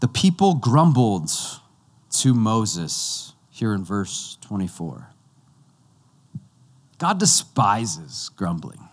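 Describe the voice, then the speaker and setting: A man preaching a sermon as pastor, talking conversationally and slowing down to stress key points. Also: fairly high pitch. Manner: conversational, with slow, emphatic stretches.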